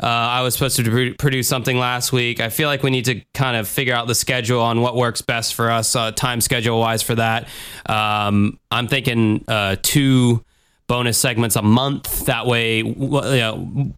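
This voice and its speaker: A man's voice: medium pitch, steady tone, normal speed, fairly bright tone, smooth. A man hosting a podcast in loose casual chat, rambling and swearing freely. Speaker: podcast host.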